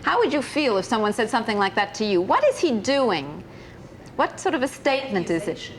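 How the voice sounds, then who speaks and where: Woman teacher, classroom discussion, high voice, very animated, questioning. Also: fairly quick, a little hiss or hum. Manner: questioning, encouraging. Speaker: English teacher.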